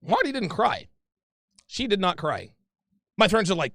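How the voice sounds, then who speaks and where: A man in his thirties telling a story in casual podcast talk, profane, animated and rambling. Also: high voice, a little slow, no echo, studio quality. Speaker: podcast guest.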